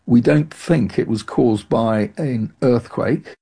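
A man's voice: medium pitch, takes it slowly, creaky, dark tone, breathy edge. An older man, a retired earth sciences professor, describing mountains in a news interview clip.

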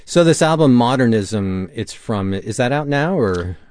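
Guy hosting a music radio show, excited and teasing, dry close studio sound. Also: medium pitch, unhurried, no room sound. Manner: enthusiastic, teasing, with restarts. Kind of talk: casual music radio chat.

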